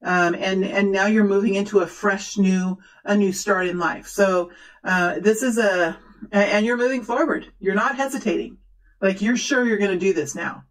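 A woman's voice: medium pitch, normal speed, low-quality recording. Chatty woman giving a rambling tarot reading. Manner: chatty and rambling, many fillers and restarts, encouraging. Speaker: tarot reader. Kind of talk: casual tarot reading to camera.

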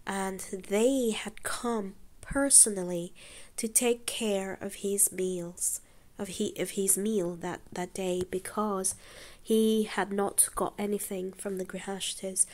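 A woman telling a devotional story in a halting way, with many pauses and restarts. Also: medium pitch. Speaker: devotional speaker.

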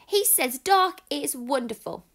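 A woman voicing a small, timid young male owl chick who speaks high and eager. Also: expressive, unhurried, a bit bright, heavily acted. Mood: curious. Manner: high, eager and wide-eyed.

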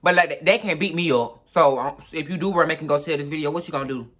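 A man's voice: fairly high pitch, fast talker. A man telling a story on his vlog in a casual, slangy way, animatedly acting out what people said. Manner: animated, acts out dialogue; slangy, repetitive phrasing. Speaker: storytime vlogger.

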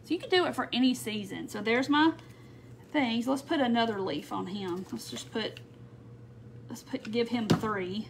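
At her home craft table, a Southern-accented woman who is not from North Mississippi hosts a live craft stream, chatting with viewers and reading their comments aloud as she works through a casual tutorial. Her voice is fairly high and gravelly at normal speed, with slight background noise.

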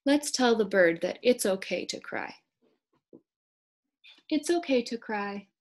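A young woman in her twenties leads a read-aloud lesson for small children. She talks slowly and gently in a slightly high voice. She keeps coaxing the kids to join in. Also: lively intonation. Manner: slow, gentle, encouraging, speaks to young children. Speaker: speech-language pathology student teacher.

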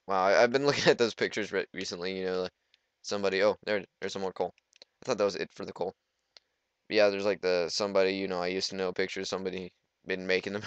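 Teen guy rambling thru a game, bright crisp voice, kinda lowish, dry close mic. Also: brisk, pauses often, dry recording, highs cut off. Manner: rambling, goofy, talks to himself. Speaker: gamer. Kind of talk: casual let's play commentary.

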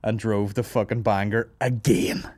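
A Northern Irish man, hungover and tired, hosts a podcast from an office, telling a rambling comic story with lots of swearing and frequent laughter. His voice is lowish and a little mellow, with fairly even intonation and a moderate pace, and there's no room sound.

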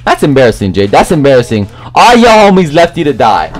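A young man giving loud, slangy live commentary over his own gameplay, trash-talking other players and often shouting. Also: mid-range voice, big pitch swings, fairly quick. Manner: slangy, repeats lines and ends them with "bruh". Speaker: gaming YouTuber.

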